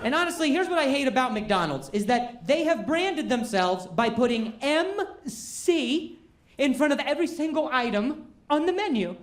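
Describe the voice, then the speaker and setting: A man's voice: very high voice, sing-song, moderate pace. A man doing stand-up storytelling, who stutters and jokes about himself on a comedy stage. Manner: stutters, self-deprecating. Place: comedy stage, audience laughing.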